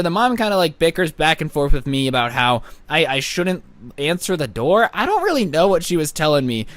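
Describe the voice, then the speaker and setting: A man's voice: on the high side, fairly bright tone, no room sound. A young man telling a story time on his channel, chatty and sarcastic with lots of fillers. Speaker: YouTuber storyteller.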